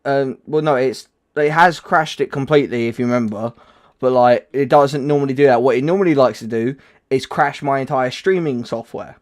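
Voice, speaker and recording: A man's voice: medium pitch, moderate pace. A man hosting his own livestream, chatting casually about a game and rambling with lots of fillers and restarts. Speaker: livestream host. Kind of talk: casual gaming chat.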